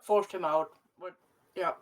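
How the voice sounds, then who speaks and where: A woman playing a tabletop game, speaking slowly and hesitantly. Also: on the low side, fairly even intonation. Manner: slow and hesitant. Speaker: player. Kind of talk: casual tabletop play. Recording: distant from the mic.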